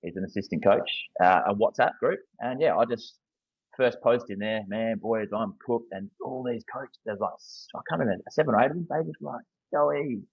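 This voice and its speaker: A man's voice: medium pitch, expressive, a little fast, breathy edge, no echo, lo-fi sound. An Australian man in his thirties, a football coach speaking as a guest in a casual interview, candid and earnest, often restarting his sentences.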